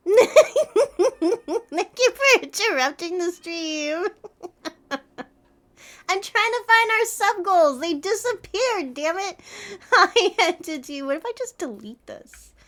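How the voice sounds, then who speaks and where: Woman, live streamer, high voice, giggly, flustered, casual chat at home. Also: sing-song, takes it slowly, long pauses, fairly bright tone. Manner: giggly and flustered, laughing often.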